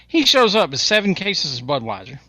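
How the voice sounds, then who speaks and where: Bright, laughing storyteller man. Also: a little high, very animated, fairly quick, creaky, dry recording. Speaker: podcast co-host. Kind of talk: casual chat.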